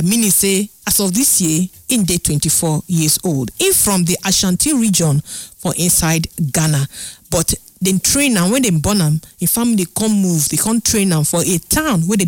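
A woman's voice: medium pitch, no echo. An older woman with a Nigerian accent talks in a casual, chatty storytelling way, mixing in Pidgin and laughing often. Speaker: vlogger.

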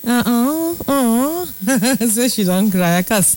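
A woman's voice: on the high side, lively intonation, takes it slowly, a little mellow. A woman co-hosting a radio talk show, speaking Nigerian-accented Pidgin English in casual, teasing banter and laughing often. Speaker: radio co-host.

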